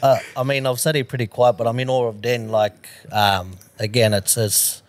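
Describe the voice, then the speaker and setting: A man, a rugby league player, chatting casually on a podcast in a halting way full of fillers. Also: mid-range voice, level tone, dry recording. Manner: halting and admiring, many fillers. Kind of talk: casual chat.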